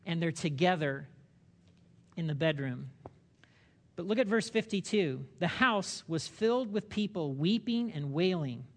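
A man preaching a sermon as a pastor in a church, animated, acting out quoted voices and asking the listeners questions. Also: on the high side, a little slow.

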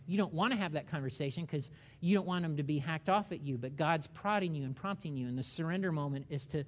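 A middle-aged man preaching a sermon, lively and conversational, acting out little voices and asking "okay?" often. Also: fairly high pitch, fast. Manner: animated, acts out little voices and asides, repeats "okay?". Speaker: pastor.

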